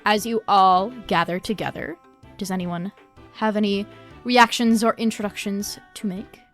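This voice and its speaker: A woman's voice: medium pitch, fairly even intonation, normal speed, faint music behind. A woman narrating as game master of a tabletop game, in a casual, descriptive way with frequent fillers. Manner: descriptive, casual, many 'uh's.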